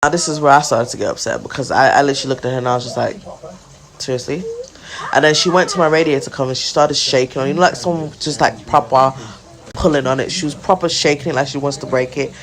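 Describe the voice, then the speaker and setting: A young woman, a nursery owner recounting an inspection in an indignant, animated storytelling vlog, full of "like". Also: extremely low pitch, racing, a crowd in the background, low-quality recording. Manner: indignant, animated retelling with frequent "like".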